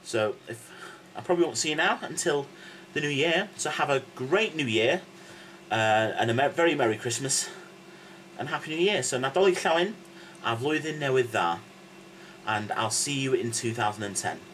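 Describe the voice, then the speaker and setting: A man's voice: mid-range voice, lively intonation, normal speed, a bit bright, slight background noise, poor audio. A man giving a casual video lesson as a teacher, patient and playful, constantly checking in with the listener. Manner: playful, jokey asides. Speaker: language and singing teacher.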